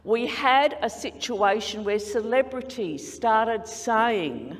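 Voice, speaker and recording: A woman's voice: a little high, lively intonation, takes it slowly, hardly any pauses. A woman with an Australian accent giving an earnest, persuasive contest speech in a large conference hall.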